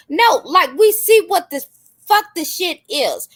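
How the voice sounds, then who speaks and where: A woman co-hosting a casual chat, backing up her partner with emphatic, drawn-out remarks. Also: high voice, big pitch swings. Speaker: co-host.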